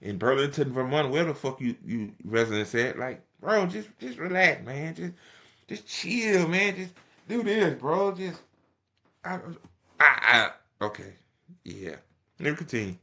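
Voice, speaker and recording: A man's voice: on the high side, lively intonation, a little slow, sharp tone. A young man reacting to a political speech in casual, profane, mocking commentary.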